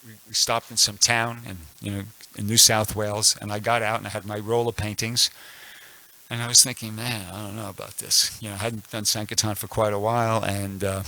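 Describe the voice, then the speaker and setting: A man's voice: lowish voice, little pitch movement, fairly quick, gravelly, pushed and bright, poor audio. A man in his sixties giving a casual scripture class at a temple, telling a personal story with many restarts and fillers. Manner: rambling, frequent restarts and fillers.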